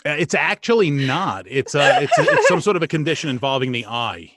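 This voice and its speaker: A tired man co-hosting a live-stream show from a small booth, loud, profane and joking. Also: on the high side, huge pitch swings, a little fast, dry recording, clean studio sound. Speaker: podcast co-host. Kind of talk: casual live-stream chat. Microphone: studio mic in a small booth.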